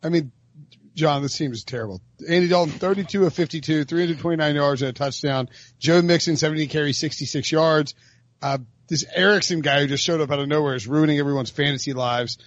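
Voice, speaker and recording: A man's voice: fairly high pitch, quick pace, dry recording, muffled recording. Joking man rattling off football stats. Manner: jokey, reads stats in a rattling list. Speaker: podcast host. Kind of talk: casual sports chat.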